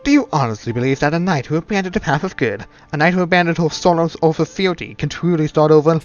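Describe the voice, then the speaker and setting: A man voicing a cruel male villain commander who mocks in a theatrical, drawn-out way. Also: on the high side, lo-fi sound, faint music behind, close to an everyday voice. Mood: scornful. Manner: mocking, theatrical, drawn-out sneers.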